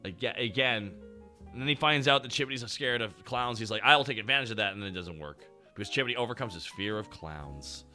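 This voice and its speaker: A Canadian man chatting excitedly as a co-host, swearing, laughing and making mock-dramatic asides. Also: lowish voice, fairly quick, soft background music. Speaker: podcast co-host. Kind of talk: casual chat reacting to an anime.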